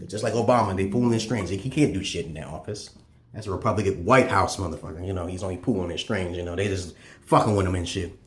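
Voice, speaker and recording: A man delivering a profane, rambling monologue as a channel host, swinging between loud high bursts and low mutters. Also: quick pace. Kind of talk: ranting monologue. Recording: echoey room.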